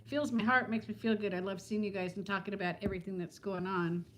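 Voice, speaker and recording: A woman's voice: mid-range voice, steady tone, quick pace, fairly bright tone, a little hiss or hum. A woman in her fifties chatting casually on a live stream from home, talking to viewers by name and laughing often. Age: 50s. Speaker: vlogger hosting a live stream.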